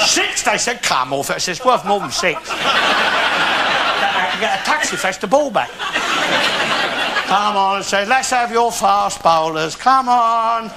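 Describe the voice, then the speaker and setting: An actor playing a bigoted, blustering older Londoner with a Cockney accent, boasting and ranting coarsely in a live character monologue. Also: male voice, sits high, exaggerated voice. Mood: boastful. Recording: live theatre with loud noise and laughter.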